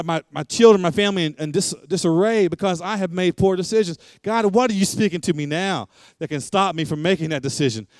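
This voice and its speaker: A man's voice: fairly high pitch, a little mellow, clean tone, dry recording. A man in his thirties preaching a sermon, impassioned and conversational, with frequent repetitions and asides to the congregation. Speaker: pastor.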